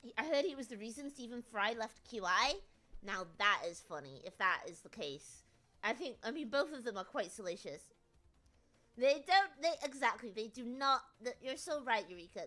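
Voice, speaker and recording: A woman with a British accent chats casually to her livestream viewers. Her voice is bright and sits a little high. She teases them playfully, restarts her sentences often, and keeps up the banter. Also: expressive, moderate pace. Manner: teasing, jokey banter with many restarts. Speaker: VTuber streamer.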